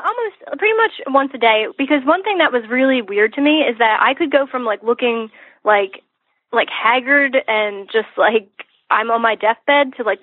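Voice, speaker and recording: A woman guest in a casual conversation, talking chattily with many fillers and a husky voice. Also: a little high, dry recording. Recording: tinny phone line, dry.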